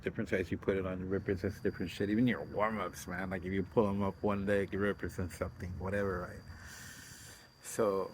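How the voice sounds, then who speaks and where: A man's voice: low voice, level tone, brisk, a little hiss or hum, low-quality recording. A middle-aged man talking in a blunt, profane, rambling way, telling stories casually on his own show. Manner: blunt and profane, trailing off and restarting. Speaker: host of a self interview.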